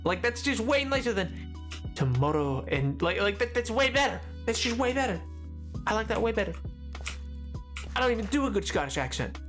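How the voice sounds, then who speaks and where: Casual game streamer, lively swooping delivery, chatty and rambly, music bed under. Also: medium pitch, fairly quick, long pauses. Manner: rambling, many repeated words and fillers, playful. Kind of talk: casual live-stream chat while playing. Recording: music playing behind.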